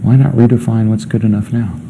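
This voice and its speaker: A man's voice: on the low side, fairly even intonation, a little fast, creaky, heavy background noise. A young man coaching a group, blunt and emphatic, swearing freely and firing rhetorical questions. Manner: asks many rhetorical questions. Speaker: self-help coach. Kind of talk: coaching session.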